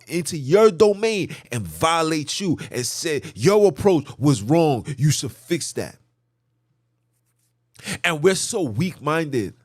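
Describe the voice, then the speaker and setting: A man's voice: a little high, no room sound, clean studio sound. A man hosting a podcast, delivering a heated, preachy monologue that drives his points home with repeated lists. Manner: preachy, emphatic, repetitive lists. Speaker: podcast host. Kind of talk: ranting commentary monologue.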